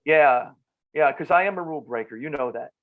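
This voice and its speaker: A man in his fifties with a North Jersey accent, a nutritionist guest talking in an animated way and often repeating words. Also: fairly high pitch, brisk, narrow, tinny audio, over a noisy crowd. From New Jersey. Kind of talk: casual podcast interview.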